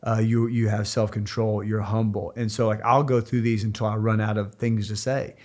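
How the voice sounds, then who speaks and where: A man's voice: on the low side, level tone, normal speed, a little mellow. A man in his thirties co-hosting a church podcast, talking earnestly with frequent restarts and fillers. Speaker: podcast co-host. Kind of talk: casual podcast talk.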